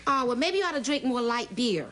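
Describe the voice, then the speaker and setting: A woman's voice: a little high, big pitch swings, a little fast, very noisy. An actress playing a wisecracking woman who runs the household, trading sarcastic one-liners in 1980s sitcom style.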